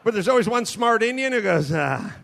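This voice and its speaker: A middle-aged American man hosting a comedy show, telling rambling, profane stories with animated asides into a studio mic. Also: very high voice, quick pace, creaky. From United States. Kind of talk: comedic storytelling. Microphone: studio mic with cord.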